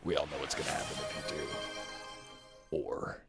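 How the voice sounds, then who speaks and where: A man voicing a sultry, menacing male riddle villain in a breathy whispered role-play. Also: very deep voice, level tone, unhurried, over music, pitched below the performer's own voice, heavily acted.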